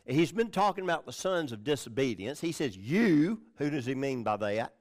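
A man's voice: medium pitch, animated, fairly quick. A male pastor teaching from the Bible in a conversational sermon, reading scripture with stress on key words and often checking in with the listeners. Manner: conversational, checks in with "all right?" and "okay?".

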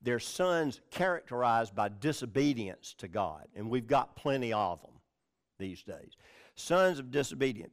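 A man's voice: mid-range voice, big pitch swings, unhurried. A male pastor teaching from the Bible in a conversational sermon, reading scripture with stress on key words and often checking in with the listeners. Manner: conversational, checks in with "all right?" and "okay?".

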